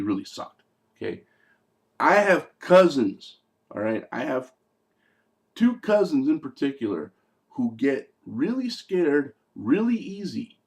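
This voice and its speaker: Man, casual movie vlog, rambling and blunt, gravelly fry in his voice, middle pitch. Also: darkish tone. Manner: rambling, blunt, profane, lots of fillers and restarts. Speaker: movie reviewer.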